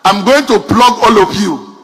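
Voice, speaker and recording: A man voicing a gruff male soldier who threatens in a low, quiet mutter. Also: normal speed. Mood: menacing.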